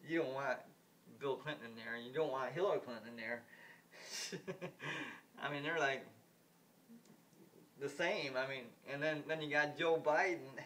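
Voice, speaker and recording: A man's voice: medium pitch, fairly even intonation, normal speed, fairly bright tone. A man in a rambling political rant, blunt and indignant, repeating himself and restarting his sentences. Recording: voice distant from the mic.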